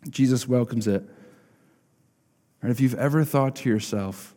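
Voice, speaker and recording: A male pastor delivers a sermon in a relaxed, conversational way and keeps checking in with "right?". His voice is dark and mellow. A long reverb trails each phrase, as in a church sanctuary. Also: on the low side, moderate pace, pauses often.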